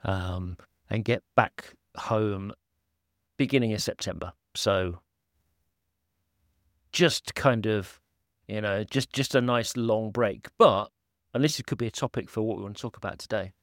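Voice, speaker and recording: A man's voice: lowish voice, a little slow, pauses often, no echo. Rambling man, dry close sound. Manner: rambling and self-deprecating, many fillers. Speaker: podcast host. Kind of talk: casual podcast chat. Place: holiday home indoors, at a laptop.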